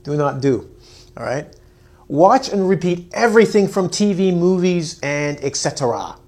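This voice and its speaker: Playful guy teaching english, kinda high voice, jokes around a lot. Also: lively intonation, moderate pace, a little mellow. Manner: playful, self-mocking, acts out students. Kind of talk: jokey video lesson.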